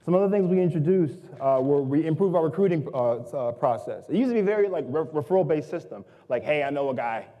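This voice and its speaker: A young adult man giving a humorous storytelling talk, self-mocking and lively, acting out the people in his stories. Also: on the high side, fast talker, hardly any pauses, phone-quality sound. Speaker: guest speaker. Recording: long hall reverb.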